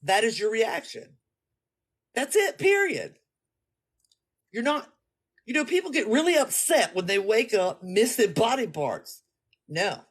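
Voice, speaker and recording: Husky, lively-voiced blunt woman. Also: on the high side, a little slow, pauses often. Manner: blunt, profane, acts out her own reactions. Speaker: vlogger. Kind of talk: casual talk to camera.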